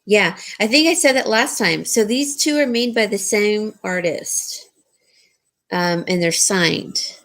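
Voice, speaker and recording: A woman's voice: medium pitch, slow, a bit bright. A woman casually showing and describing jewelry for sale, rambling with frequent ums and restarts. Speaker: jewelry seller. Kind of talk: casual jewelry showcase talk.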